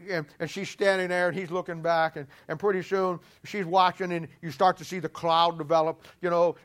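Guy preaching a sermon, fairly high voice, stumbles and repeats words, gets loud then drops real quiet. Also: clear, resonant tone. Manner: animated, repeats words often, swings from loud to hushed. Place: church before a congregation.

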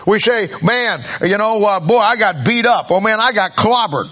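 A man's voice: sits high, lively intonation, moderate pace, sharp tone. A male pastor giving a folksy, conversational sermon, often restarting his sentences.

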